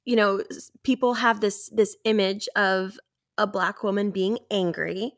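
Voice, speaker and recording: A woman hosting a casual interview, halting and groping for the right words. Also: medium pitch, steady tone. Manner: gropes for words, halting and restarting. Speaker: podcast host.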